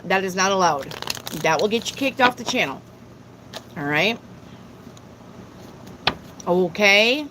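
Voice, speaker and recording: Female live-stream tarot host, unhurried and talkative, reads out chat questions and answers them plainly. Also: mid-range voice, bright, forceful tone, slight background noise, low-quality recording. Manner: chatty, slow and drawling, repeats herself.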